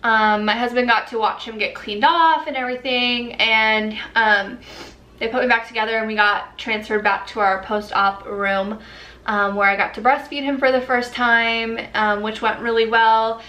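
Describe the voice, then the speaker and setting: Bright chatty woman in an echoey room. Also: a little high, steady tone, moderate pace. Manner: chatty, candid, many fillers. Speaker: vlogger. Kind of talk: personal storytelling.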